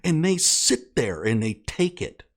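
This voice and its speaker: A man's voice: mid-range voice, big pitch swings, a little slow. A man delivering an indignant, sarcastic commentary rant, scolding as he talks. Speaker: online commentator.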